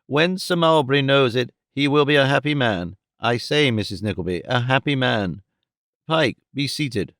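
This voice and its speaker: A man voicing a pompous, flattering gentleman visitor who talks in grand, theatrical, overly formal phrases. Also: mid-range voice, moderate pace, no echo, clean studio sound, close to an everyday voice. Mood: confiding.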